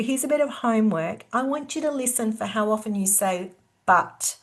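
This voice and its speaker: A woman presenting a workplace skills webinar, teaching in a lively way and acting out quoted lines of dialogue. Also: fairly high pitch.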